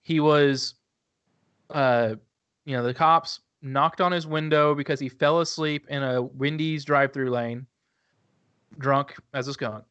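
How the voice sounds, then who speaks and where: A man's voice: medium pitch, steady tone, a little slow, a bit bright, clear, resonant tone, no room sound, muffled recording. A man in his thirties co-hosting a podcast, laid-back, acting out the quotes in his stories. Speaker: podcast co-host. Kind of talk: casual storytelling.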